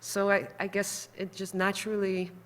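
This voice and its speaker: A woman's voice: medium pitch, completely flat delivery, moderate pace. A woman from the Netherlands with a Dutch accent, speaking on a panel as a musician in a thoughtful, candid, somewhat hesitant way. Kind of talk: panel discussion.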